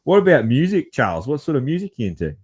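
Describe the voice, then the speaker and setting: Man, podcast host, relaxed, chatty, laughs easily, medium pitch. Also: very fast, husky. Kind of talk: casual interview chat.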